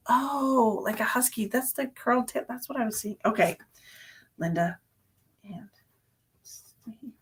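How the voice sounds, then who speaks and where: A woman's voice: fairly high pitch, a bit bright. A woman psychic medium giving a live-streamed reading, chatty and sleepy, thinking aloud with many fillers. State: sleepy, yawning.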